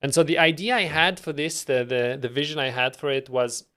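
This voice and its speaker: A man's voice: a little high, steady tone, fairly quick, fairly bright tone. A man casually talking through his game's development on a stream, rambling with lots of fillers and a self-deprecating tone. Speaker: indie game developer streaming. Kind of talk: casual devlog stream talk.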